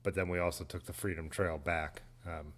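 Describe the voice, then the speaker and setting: A man's voice: low voice, steady tone, moderate pace, fairly bright tone. A man, hosting a casual livestream, reading viewer comments aloud and chatting in a laid-back, rambling way. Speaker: livestream host.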